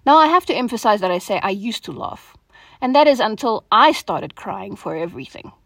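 A woman hosting a devotional talk, opening with prayer and then speaking in an earnest, gentle, reflective way, her voice softening at the ends of phrases. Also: mid-range voice, big pitch swings, normal speed, gravelly, dry recording, studio quality. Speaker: devotion host.

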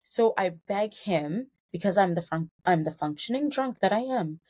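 A woman's voice: medium pitch, expressive, normal speed, a little mellow, breathy edge. A woman in her twenties hosting a solo podcast, a little tipsy, telling a long story in a chatty, rambling way with self-corrections. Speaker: podcast host.

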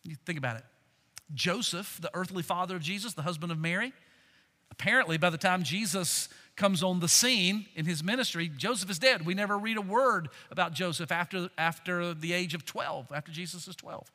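Pastor, man, high piercing voice, dynamic sermon delivery, big echoing hall. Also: brisk. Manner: preaching with swings from hushed to loud. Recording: long hall reverb.

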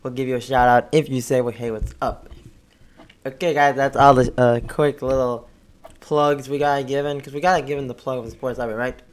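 A man's voice: mid-range voice, level tone, quick pace, clear, resonant tone. Chatty man hosting a sports podcast. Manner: upbeat, plugging and chatty. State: a bit hoarse. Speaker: podcast host. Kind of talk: casual sports podcast chat.

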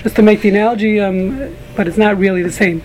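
A man's voice: high-pitched, steady tone, fast talker, darkish tone, slight background noise, low-quality recording. A man teaching a casual group Talmud class, rambling with frequent restarts and joking asides to a small room of listeners.

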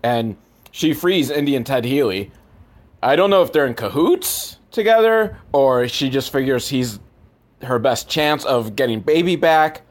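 A man recapping a movie in a sarcastic, profane and rambling way, with deadpan asides. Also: medium pitch, a little slow. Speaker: movie reviewer.

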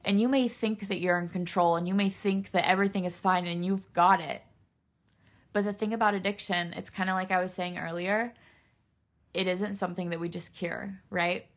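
An earnest young woman talks straight to her listeners on a solo podcast, her voice sitting a little low and close to tears. She sounds open and heartfelt, like she is confiding in friends. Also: steady tone, moderate pace. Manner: earnest, emotional, speaking directly to listeners. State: tearful. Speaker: podcast host.

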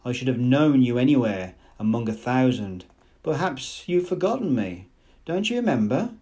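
A man voicing a faded middle-aged woman who pleads, her voice climbing into shrill cries. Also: big pitch swings, normal speed, mellow. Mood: pleading.

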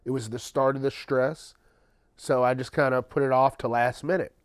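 A man's voice: mid-range voice, fairly even intonation, normal speed, clear, resonant tone, dry recording, clean studio sound. A man hosting his own podcast, ranting casually and sarcastically with plenty of swearing, tired late at night. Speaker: podcast host. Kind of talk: casual solo monologue.

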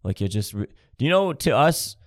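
A man's voice: mid-range voice, very animated, moderate pace, no echo, studio quality. Profane sarcastic man ranting comedically. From Canada. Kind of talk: comedic rant.

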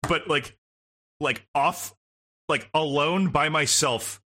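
A young man rants animatedly as a podcast co-host, exasperated and swearing heavily. His voice is bright and edged, sitting a little high. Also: slow pace. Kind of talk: casual chat.

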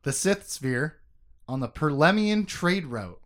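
Man, podcast co-host, rambling, self-mocking, swears, slightly higher voice. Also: lively intonation, takes it slowly, a bit bright. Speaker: podcast co-host recapping a book. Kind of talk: casual podcast chat.

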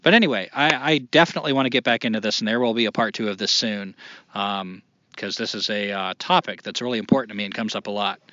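Male podcast host, bright and forceful, loose and self-mocking; dry, slightly muffled recording. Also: fairly low pitch, fast, no echo. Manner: loose, swearing, self-deprecating. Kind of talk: casual podcast chat.

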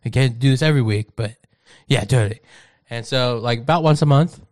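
A man's voice: mid-range voice, fairly quick, a little mellow, dry recording, clean studio sound. A young man in casual chat, teasing and acting out quotes. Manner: laughing, teasing, acts out quotes.

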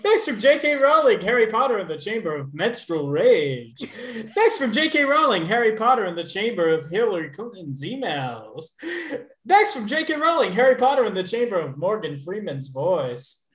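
Deadpan woman in an echoey room. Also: mid-range voice, normal speed. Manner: deadpan, repetitive card reading. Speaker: podcast co-host. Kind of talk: casual comedy chat during a card game.

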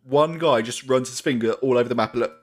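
A man recapping a film in casual chat, wry and deadpan, as a podcast co-host. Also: medium pitch, quick pace.

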